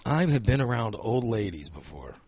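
A man's voice: lowish voice, sing-song, moderate pace, darkish tone, a little hiss or hum. A man telling crude comedic stories in casual chat, acting out quoted lines in a raised voice.

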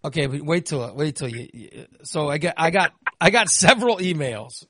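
Male podcast host, casual and foul-mouthed, gets worked up fast; slightly high voice, dry close sound. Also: husky, no echo. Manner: animated, profane ranting.

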